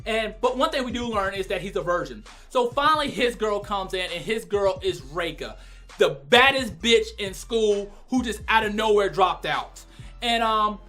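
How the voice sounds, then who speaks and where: A man giving a casual, crude and animated spoken review, often breaking into loud exclamations. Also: high-pitched. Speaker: anime reviewer.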